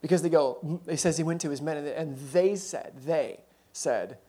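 A man with a slightly raised voice delivers a sermon as relaxed storytelling. He talks like he's chatting with the room, tossing in asides and correcting himself mid-thought. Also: on the high side, moderate pace. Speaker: preacher.

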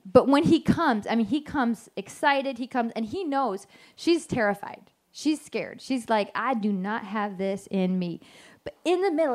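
A woman's voice: high-pitched, a little mellow. A woman giving an informal devotional Bible teaching, chatty and self-correcting, often acting out the lines she quotes.

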